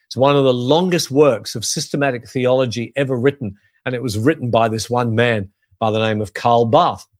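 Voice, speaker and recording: A man preaching as a pastor, earnest and measured, leaning on key phrases for emphasis. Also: mid-range voice, fairly even intonation, dry recording, studio quality. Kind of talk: sermon-style teaching.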